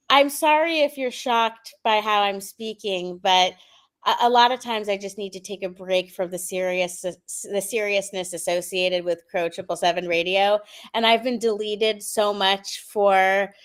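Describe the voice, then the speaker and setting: A woman co-hosting an online radio stream, chatting casually, restarting often and laughing easily. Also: mid-range voice. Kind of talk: casual livestream chat.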